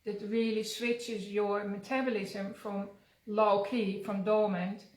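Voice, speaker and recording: A woman's voice: mid-range voice, little pitch movement, takes it slowly. A woman hosting a casual health chat, talking loosely with fillers. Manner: chatty, uses fillers like "like" and "um". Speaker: wellness centre host. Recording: echoey room.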